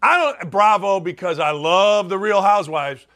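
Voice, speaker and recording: A middle-aged male sports talk host riffs in a loud, animated, self-deprecating rant. His voice sits high and sounds bright and forceful. He keeps breaking into shouted re-enactments of his own frustration. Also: normal speed. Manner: animated, self-mocking, loud ranting with acted-out quotes. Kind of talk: casual sports talk monologue.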